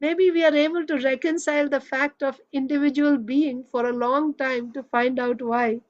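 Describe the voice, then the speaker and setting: Woman doing a rambling agitated young guy, pitched up, muffled lo-fi audio. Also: steady tone, normal speed, natural voice. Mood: insistent. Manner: rambling, insistent.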